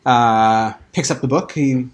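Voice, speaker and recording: Halting man running a tabletop game. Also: medium pitch, very noisy. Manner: halting, many fillers while checking notes. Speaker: game master.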